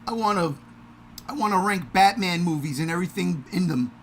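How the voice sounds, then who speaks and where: A man hosting a podcast livestream in a casual, energetic, self-mocking way. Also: sits high, fairly quick, slight background noise. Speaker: podcast host.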